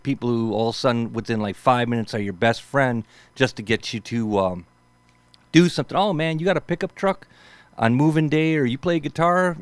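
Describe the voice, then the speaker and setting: A man's voice: medium pitch, no echo. A man in his fifties hosting a show, telling rambling casual stories in a laid-back way, peppered with "man" and "for sure". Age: 50s. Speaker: host.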